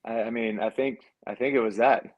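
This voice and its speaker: Brisk and fairly even in intonation, the former quarterback's voice comes through with the highs cut off. In his thirties and of Cuban heritage, he's a laid-back interview guest who curses freely and mimics others by raising his voice.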